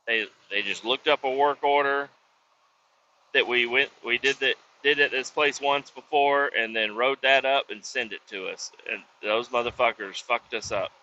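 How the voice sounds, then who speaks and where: A man's voice: mid-range voice, moderate pace, bright, forceful tone, dull audio, a little hiss or hum. A man telling a work story in a profane, rambling casual vlog, with frequent restarts. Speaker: roadside service worker vlogging.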